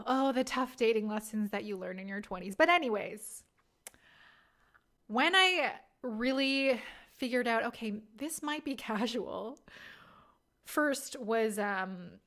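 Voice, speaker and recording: Woman, 30s, podcast host, casual storytelling, candid, self-deprecating, laughs often, slightly high voice. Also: slow pace, a bit bright.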